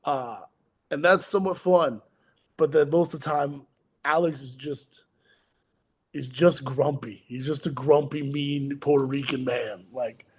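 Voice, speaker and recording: A man's voice: mid-range voice, steady tone, measured pace, darkish tone, breathy edge. A man, a pro wrestler guest, chatting in a casual podcast interview with brash, boastful trash talk and amused storytelling.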